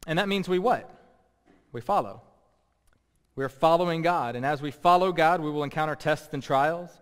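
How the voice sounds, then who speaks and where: A man's voice: fairly high pitch, normal speed, clear, resonant tone. A man preaching a sermon as pastor, emphatic and repeating key words for stress. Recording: long reverb.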